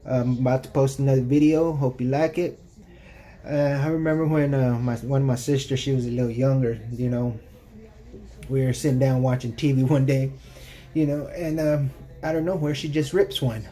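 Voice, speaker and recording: A man from Texas tells casual personal stories for his channel with a mellow, relaxed tone. He rambles, filling his sentences with "you know" as he goes. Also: mid-range voice, moderate pace. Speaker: YouTube storyteller. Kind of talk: casual anecdotal storytelling.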